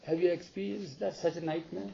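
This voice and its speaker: Gravelly, mellow-voiced man telling a story. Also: high voice, fairly quick, muffled recording, a little hiss or hum. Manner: animated, acts out the dialogue, asks the audience questions. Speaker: speaker retelling a spiritual story. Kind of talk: storytelling talk to an audience.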